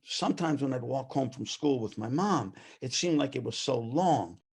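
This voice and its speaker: Gravelly-voiced man telling family stories. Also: medium pitch, normal speed. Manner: animated anecdotal storyteller; laughs often while talking. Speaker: guest. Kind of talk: personal storytelling.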